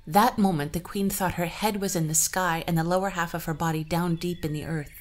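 A woman narrating an old folktale and adding her own commentary, in a measured, even way. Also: on the low side. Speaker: storyteller and podcast host.

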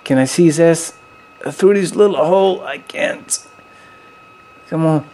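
A young man giving loose, excitable gameplay commentary, swearing freely and jumping into high yelps. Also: normal speed, a little hiss or hum.

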